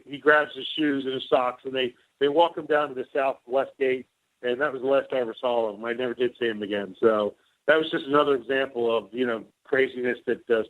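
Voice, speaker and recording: A middle-aged man, a former White House officer, telling rambling anecdotes as an interview guest and acting out both sides of the dialogue. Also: mid-range voice. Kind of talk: casual storytelling interview. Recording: tinny phone line.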